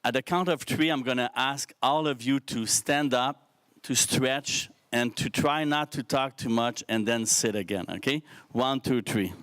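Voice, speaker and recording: A man's voice: mid-range voice, a little slow, fairly bright tone, no echo. A man in his fifties with a Québécois French accent, giving an earnest, candid speech to a youth audience from a stage microphone, often restarting his words. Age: 50s. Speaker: keynote speaker. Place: science centre stage.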